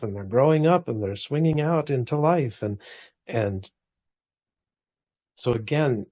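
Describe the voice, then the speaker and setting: A man in his forties with a mid-range voice reflects warmly in casual conversation, often restarting and slipping in small asides. The recording is dry.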